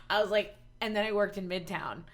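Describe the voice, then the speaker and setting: A woman's voice: medium pitch, normal speed. A woman from Texas in her thirties, telling stories as a podcast guest with lots of laughter and "like" fillers. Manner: chatty storytelling, laughing often, heavy "like" fillers. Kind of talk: casual chat.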